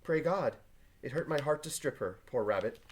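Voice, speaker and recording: A man voicing Elizabeth Proctor, a reserved farm wife, read quietly and plainly from a play. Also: mid-range voice, expressive, normal speed, a little hiss or hum, close to an everyday voice. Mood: guarded. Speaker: teacher reading a play aloud. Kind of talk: reading play aloud to a class.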